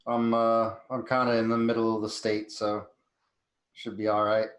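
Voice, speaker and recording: A man's voice: on the low side, completely flat delivery, moderate pace. Hesitant man in an echoey room. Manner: hesitant, lots of "uh". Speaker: player. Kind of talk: casual podcast chat.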